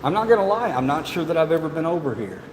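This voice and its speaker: Very animated and quick, his fairly high voice carries a casual museum walkthrough he shoots on a handheld phone. He chats, jokes and laughs often as he rambles, with a noisy background, echoing rooms and faint ambience.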